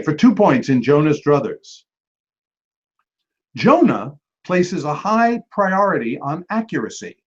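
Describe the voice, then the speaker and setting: A man hosting a trivia match, reading each clue and then repeating it slowly, with quick joking asides to the teams. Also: fairly high pitch, slightly rough. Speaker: trivia quizmaster. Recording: dull lo-fi recording.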